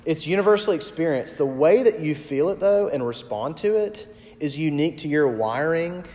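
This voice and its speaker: Casual preacher in an echoey hall. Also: male voice, fairly high pitch, animated, normal speed, a little mellow. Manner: conversational, uses many fillers. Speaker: pastor. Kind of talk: sermon.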